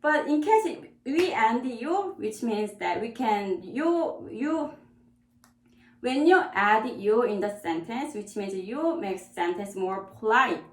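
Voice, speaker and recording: A woman teaching a beginner Korean lesson in English that is plainly not her first language. She speaks slowly and repeats each phrase for practice. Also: a little high, lively intonation, reverberant. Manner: slow, repeats words for practice.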